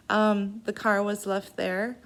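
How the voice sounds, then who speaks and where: A woman recounting a personal event in an unscripted way, halting and earnest, with pauses. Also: medium pitch.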